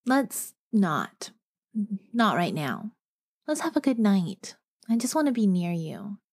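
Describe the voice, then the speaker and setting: A woman voicing an upset young woman who brushes off questions with a lighter, higher voice, in an audiobook. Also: sing-song, slow, no echo, clean studio sound, full character voice. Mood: evasive.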